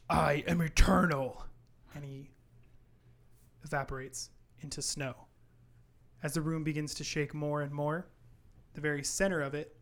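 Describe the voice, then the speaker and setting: Calm man narrating as game master. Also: on the high side.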